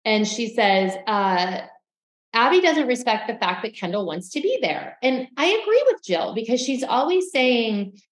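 A woman co-hosting a casual recap podcast, telling stories in a lively way and acting out what others said. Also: fairly high pitch, a little slow, echoey room, low-quality recording. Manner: animated storytelling, acting out quotes. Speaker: podcast co-host.

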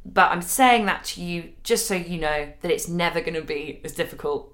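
A woman's voice: on the low side, normal speed, a bit bright. A woman co-hosting a podcast, talking in a sincere, reassuring way. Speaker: podcast co-host. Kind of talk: casual chat.

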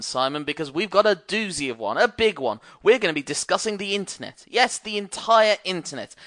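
A man's voice: a little high, pushed and bright, dry recording. A man in his thirties co-hosting a podcast, opening with theatrical, jokey patter. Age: 30s. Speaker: podcast co-host. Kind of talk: casual podcast chat.

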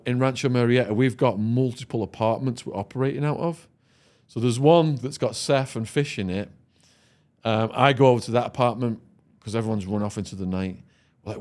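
A man's voice: lowish voice, a little mellow. An Englishman on a podcast, telling a vivid, profane story and laughing as he goes. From England. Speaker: podcast guest. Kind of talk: storytelling anecdote.

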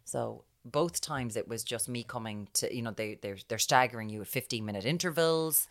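An Irish woman co-hosting a chatty podcast, telling stories animatedly and acting out other people's words, often dropping to a hushed voice. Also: extremely low pitch, normal speed. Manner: animated storyteller who acts out quotes, often dropping to a hushed voice. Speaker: podcast co-host. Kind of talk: casual chat, storytelling.

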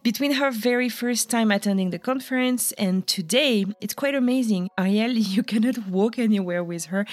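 A woman's voice: medium pitch, dry recording. A woman from France with a French accent, hosting a podcast and interviewing a guest with friendly, eager follow-ups. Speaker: podcast host.

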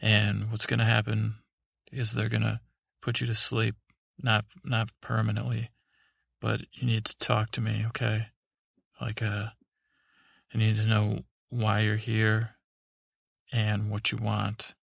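A man voicing a mellow, mumbling superhero in a sleepy bedtime story. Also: completely flat delivery, measured pace, creaky, long pauses, dry recording, exaggerated voice. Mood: flat. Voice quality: mumbling, low-key.

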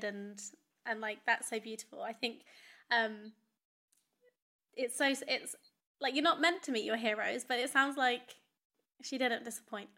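A woman interviewer with a fairly high, bright voice, speaking casually and affirming what her guest shares. She sounds a little further from the mic. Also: measured pace, pauses often. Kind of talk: casual conversation.

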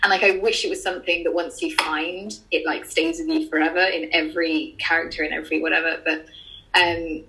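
A woman's voice: deep voice, level tone, brisk, bright, forceful tone, poor audio. A young woman with an Irish accent, a drama student chatting casually as a podcast guest, laughing often and filling with "um" and "like". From Ireland. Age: young adult. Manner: chatty, laughing, lots of fillers. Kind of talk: casual chat.

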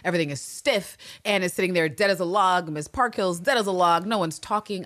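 Female podcast co-host with a lowish voice, lively and profane TV-recap delivery, dry sound. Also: a little fast, no echo. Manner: animated, profane storytelling with sudden jumps in pitch. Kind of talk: casual TV recap chat.

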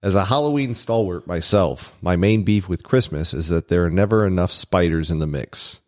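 A man co-hosting a podcast, reading out trivia and dropping wry, deadpan quips between the facts. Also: low voice, normal speed, no echo, studio quality. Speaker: podcast co-host. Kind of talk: reading trivia aloud with joking asides.

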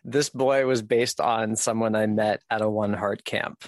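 A man's voice: fairly low pitch, fairly even intonation, measured pace, dry recording. Candid storytelling man, dry sound. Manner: candid, laughs often, many fillers. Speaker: podcast guest. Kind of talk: casual personal storytelling.

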